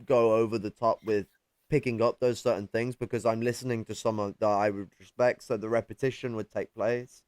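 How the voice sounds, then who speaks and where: A man's voice: on the low side, flat delivery, fairly quick, a little mellow, smooth, no echo. Casual man talking in a dry, close sound. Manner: swearing, rambling, laughs often. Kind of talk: casual chat.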